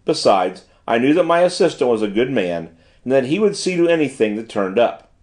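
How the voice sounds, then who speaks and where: A man's voice: mid-range voice, big pitch swings, a little fast, a little mellow. A man narrating an audiobook in the first person, in formal period prose. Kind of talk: scripted narration.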